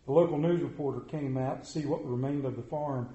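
A man preaching a sermon, telling a story that swells loud and then drops to quiet prayer. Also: mid-range voice, fairly even intonation, brisk, muffled recording. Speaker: pastor. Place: church sanctuary. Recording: echoey church room.

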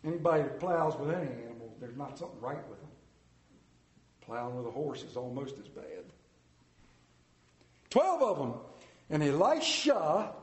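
A man preaches in an easy, conversational way, turning to his listeners with questions. His voice sits fairly high for a man. The room around him is echoey. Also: a little hiss or hum. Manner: conversational, asks the congregation questions. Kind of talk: interactive sermon.

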